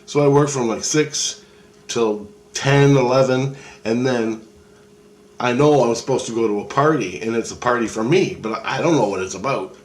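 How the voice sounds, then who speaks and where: A man's voice: mid-range voice, normal speed. A middle-aged man recounts a dream. His talk wanders, swears freely and keeps doubling back on itself. The telling stays casual and unpolished. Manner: loose, rambling and profane, with many restarts. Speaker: vlogger. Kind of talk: rambling dream retelling.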